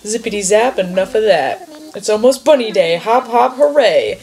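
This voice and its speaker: A woman's voice: medium pitch, expressive, normal speed, darkish tone, lightly acted. Zipper, a rhyming bunny read by a woman. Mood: cheery. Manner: sing-song rhyming patter. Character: chirpy male bunny in a costume. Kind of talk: reading game dialogue aloud.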